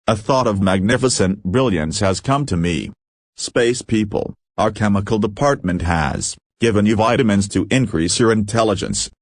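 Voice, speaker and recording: A man's voice: on the low side, moderate pace, no room sound. A man voicing a pompous, self-important male alien leader who issues commands. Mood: commanding. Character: pompous giant-brained male alien leader, easily alarmed.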